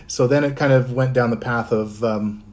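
A man's voice: medium pitch, fairly even intonation, a little slow, darkish tone. A middle-aged man from Canada, a voice actor, chatting casually on a livestream, reading out fan comments and answering them.

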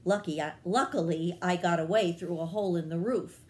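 A woman voicing a gentle, humble little bat. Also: on the low side, fairly quick, natural voice. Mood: pleading. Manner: humble and pleading. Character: gentle, apologetic small male bat. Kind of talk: children's read-aloud.

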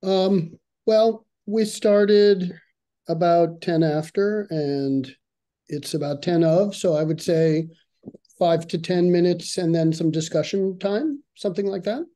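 A man's voice: high-pitched, warm tone. A man moderating a talk, answering casually about the time left. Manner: loose, unhurried, with fillers. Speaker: session moderator. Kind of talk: casual aside.

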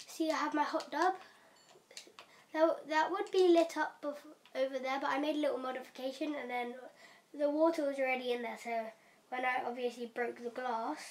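Young woman gaming vlogger, high bright voice, chatty and rushed, slips into whispered asides. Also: a little hiss or hum. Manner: chatty and hurried, with fillers and quiet whispered asides. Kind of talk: casual game walkthrough. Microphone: camera mic.

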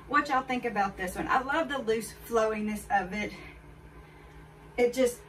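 A woman's voice: a little high, fairly bright tone. A woman chatting candidly to her viewers during a clothing try-on haul. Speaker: fashion haul vlogger. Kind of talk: casual try-on haul chat. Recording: voice a bit far from mic, faint background noise.

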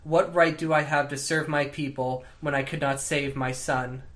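A man's voice: on the high side, level tone, normal speed, a bit bright, natural voice. A man reading a bitter, grieving senator woman. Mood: bleak bitter. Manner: bleak, bitter reading aloud. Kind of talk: reading a novel aloud.

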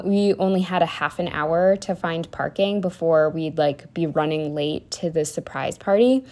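A young woman narrates her planner spread in a casual, rambling voice-over. Her voice sits on the low side for a woman, and she peppers her talk with ums and likes as she chats along. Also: a little mellow. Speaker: planner vlogger.

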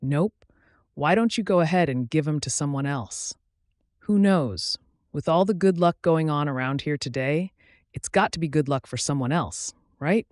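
A man's voice: fairly high pitch, normal speed, dry recording, clean studio sound, natural voice. A man reading the lines of a weary, restless man in a story, speaking in an offhand, hesitant way.

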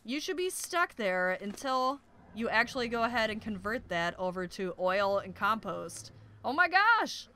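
A woman's voice: a little high, very animated, a little slow, bright, forceful tone, clean tone. A young woman commenting on her survival game playthrough, shrieking in panic at danger and chatting casually in between. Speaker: gaming YouTuber. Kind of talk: let's play commentary.

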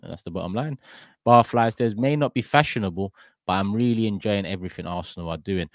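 A man's voice: lowish voice, fairly quick, no echo, studio quality. A man with a London accent hosting a casual football chat show, reading fan messages and laughing often. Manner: laughs often, upbeat sign-off patter. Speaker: host.

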